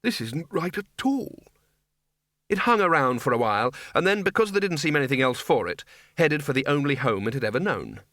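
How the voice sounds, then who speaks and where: Casting: male audiobook narrator, bright and lively, dry close sound. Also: medium pitch, fast talker, dry recording. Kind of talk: scripted narration.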